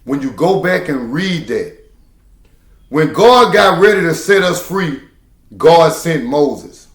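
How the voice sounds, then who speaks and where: In an echoey room, a truck driver gives an animated, slow, preachy monologue on camera, reusing the same phrases to drive home every point. His voice has a fairly bright tone and sits a little high for a man.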